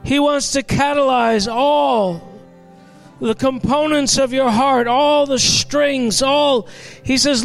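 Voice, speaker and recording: A male pastor preaching and praying fervently to a congregation, pleading and rising into shouts. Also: very high voice, fairly even intonation, slow pace, soft background music. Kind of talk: sermon and prayer.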